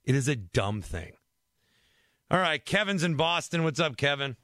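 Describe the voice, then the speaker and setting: A man's voice: fairly high pitch, moderate pace, dry recording, clean studio sound. A man hosting a sports radio show, chatting casually with callers and ranting playfully. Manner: animated, playful rants.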